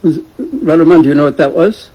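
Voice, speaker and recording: This scripture teacher's voice sits on the high side, animated, brisk and a little rough, captured in a low-quality recording. Retelling a story casually, he stays gentle, quizzes his class and lets out chuckles.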